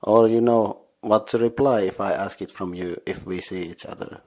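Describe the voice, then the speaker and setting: A podcast host sits in an unheated sauna, giving a casual mini language lesson and explaining patiently step by step. His lowish voice is steady and a little mellow, at a normal speed.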